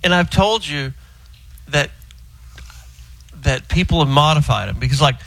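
A middle-aged man, calling in from a house full of sleeping roommates and telling a car-auction story in an animated, joking drawl. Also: fairly high pitch, measured pace, vocal fry, no room sound, rough recording. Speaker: car show regular calling in. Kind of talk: casual radio chat by phone.

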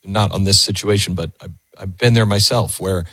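A man hosting a call-in radio talk show, earnest and halting, often repeating his words. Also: sits low, fairly even intonation, breathy edge, no echo.

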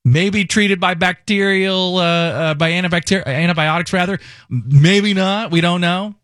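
A man's voice: sits high, moderate pace, fairly bright tone, no echo, clean studio sound. A man filling in as a radio host, chatting casually in a rambling, joking way and correcting himself as he goes. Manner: rambling, self-correcting, jokey. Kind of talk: casual talk radio chat. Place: radio studio. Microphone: studio microphone.

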